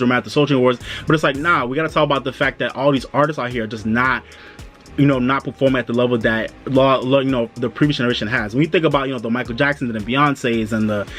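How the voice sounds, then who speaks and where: A man giving a casual, chatty review of an awards show, loose and quick, slipping into high-pitched voices to act out reactions. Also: a bit bright.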